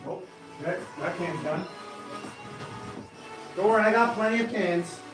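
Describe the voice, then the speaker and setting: A man hosting a casual live stream of knife-throwing trick shots, chatting to viewers and bursting into excited exclamations. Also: high-pitched, a little slow. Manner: excitable, breaks into loud exclamations. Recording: echoey room, voice far from the mic, music behind.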